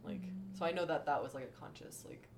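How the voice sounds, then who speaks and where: A young woman from Mexico talks in a laid-back way, dropping fillers and laughing readily. Her voice sits fairly low. A faint rumble hums behind her. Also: fast talker. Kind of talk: casual chat.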